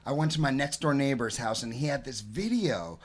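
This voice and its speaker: A man's voice: mid-range voice, lively intonation, a little fast. A man co-hosting a podcast in playful, chummy casual chat. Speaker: podcast co-host.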